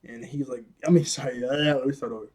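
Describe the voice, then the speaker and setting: A young man casually recapping a cartoon episode, rambling and laughing often as he acts out the characters' lines in quick voices. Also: medium pitch, steady tone, a crowd in the background. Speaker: video reviewer.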